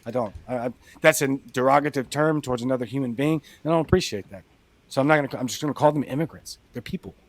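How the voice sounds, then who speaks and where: A young man with a Cajun accent, a podcast guest telling a personal story in blunt, animated casual talk. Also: mid-range voice, quick pace. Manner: blunt, animated retelling with acted-out quotes.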